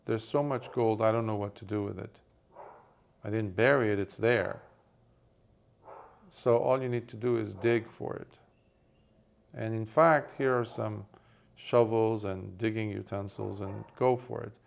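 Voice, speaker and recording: A wealthy, generous man, patient and unhurried, who explains things calmly, as a man acts him out in his own slow, gravelly voice. There is a settled ease to how he talks. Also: lowish voice. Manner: calm, reassuring and explaining.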